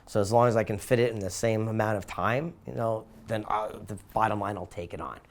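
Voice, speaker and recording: A man's voice: on the low side, fairly quick. A middle-aged man from the United States, a guest in an interview, telling stories with enthusiasm and acting out voices as he goes. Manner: enthusiastic, acts out voices in anecdotes. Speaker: interview guest, author and speaker. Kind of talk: animated storytelling in an interview.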